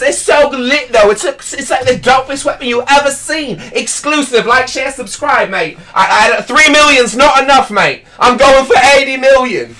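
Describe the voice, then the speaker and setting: A man's voice: extremely high pitch, far from the mic, voice pushed up, exaggerated voice. A man doing a hyped fake-British YouTuber. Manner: boastful, shouty, says "mate" a lot.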